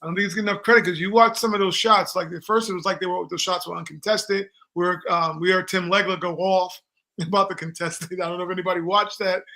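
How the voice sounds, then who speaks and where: A man with a high voice and a bright, forceful edge, co-hosting a sports podcast from a live stream. He talks in an animated, boastful way and jokes at the rival team's expense. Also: fast. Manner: animated, boastful, jokey trash talk. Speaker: podcast co-host. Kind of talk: casual sports chat. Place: home studio on a live stream.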